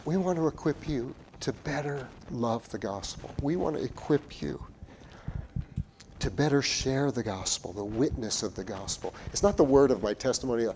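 A pastor preaches with earnest conviction, pressing key phrases hard and then easing into a hushed, tender tone. His mid-range man's voice restarts and repeats words as he builds each point. A faint hum sits under the recording. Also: mid-range voice, animated, normal speed. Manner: earnest, building to emphatic peaks then dropping to quiet. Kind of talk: sermon.

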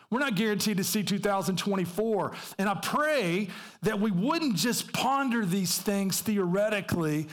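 Conversational man preaching. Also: a little high. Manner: conversational, storytelling preacher with many restarts. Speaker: pastor. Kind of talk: sermon.

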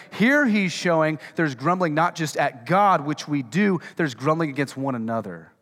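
A man's voice: fairly high pitch, animated, moderate pace, few pauses, a bit bright, in a large hall. A male pastor preaching a sermon in a conversational way, putting questions to the congregation and repeating words. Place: church hall.

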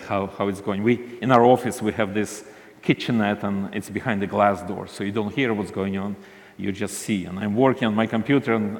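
A man tells a ministry story, halting often and restarting his sentences. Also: fairly low pitch, big-room sound. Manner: halting, frequent restarts and fillers. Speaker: ministry leader. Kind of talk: storytelling talk.

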